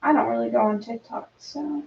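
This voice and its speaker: Woman co-host, slightly high voice, casual chat with ums, recorded from across an echoey room on a dull mic. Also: a little fast, gravelly, darkish tone. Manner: reads news headlines aloud with hesitant ums. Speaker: livestream co-host. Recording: distant, roomy, dull-sounding.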